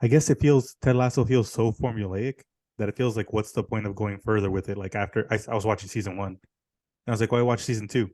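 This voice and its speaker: A man's voice: lowish voice, steady tone, fast talker, warm tone, no room sound. A man co-hosting a podcast, chatting casually, blunt and opinionated, with some swearing. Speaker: podcast co-host. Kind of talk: casual chat.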